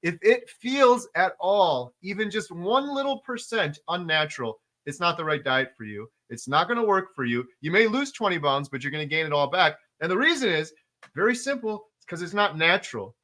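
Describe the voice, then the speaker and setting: A man's voice: high-pitched, lively intonation, moderate pace, bright, forceful tone. A man hosting a casual interview, talking with enthusiastic emphasis, piling up repeated words and fillers. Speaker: podcast host.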